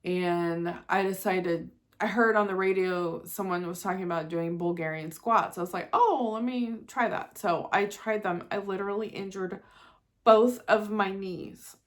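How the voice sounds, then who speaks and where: A woman's voice: lowish voice, level tone, normal speed. A woman in her forties, possibly, chatting candidly and emotionally to her viewers in a casual vlog, laughing at herself now and then. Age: 40s. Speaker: vlogger. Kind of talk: casual personal chat to camera.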